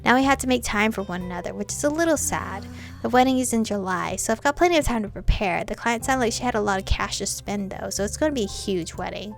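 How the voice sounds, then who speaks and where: A young woman reading a visual novel aloud in an animated, playful way. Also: medium pitch, fast talker, gravelly, soft background music. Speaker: game streamer.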